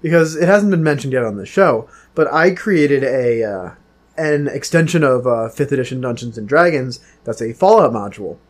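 A man's voice: medium pitch, expressive, moderate pace. A man co-hosting a gaming podcast who runs the group's tabletop games, talking eagerly with lots of fillers. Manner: enthusiastic, rambling with fillers. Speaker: podcast co-host and game master. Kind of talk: casual gaming podcast chat.

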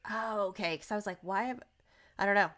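A woman's voice: mid-range voice, fairly quick, fairly bright tone. A woman co-hosting a podcast, chatting and agreeing with enthusiasm, with some hesitant phrasing. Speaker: podcast co-host. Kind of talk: casual chat.

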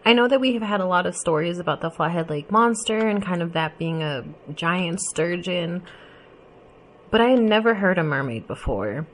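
A woman's voice: on the low side, expressive, moderate pace, slight background noise. A woman reflecting casually and thoughtfully on a story she has heard. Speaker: commentator.

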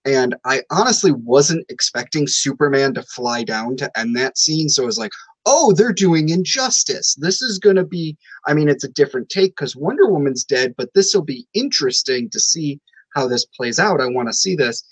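A man's voice: mid-range voice, normal speed, husky, no echo, low-quality recording. Blunt opinionated podcast co-host man. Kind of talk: casual podcast chat.

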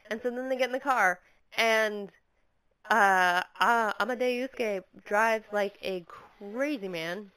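A woman's voice: fairly high pitch, slow pace, smooth, low-quality recording. A woman co-hosting a podcast, casually recapping an episode and acting out the characters' lines. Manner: animated, acts out characters in quoted voices. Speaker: podcast co-host.

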